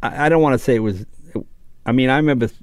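A man's voice: mid-range voice, rapid-fire, no room sound, clean studio sound. An older man, a comedian, chatting casually and telling anecdotes, acting out the people in them. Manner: animated, acts out voices in anecdotes. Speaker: comedian guest. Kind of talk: casual chat, storytelling.

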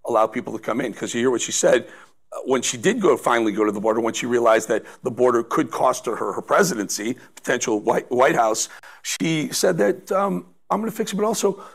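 A man's voice: mid-range voice, expressive, fairly quick, vocal fry. A man giving political commentary as a guest, emphatic, with stammering restarts.

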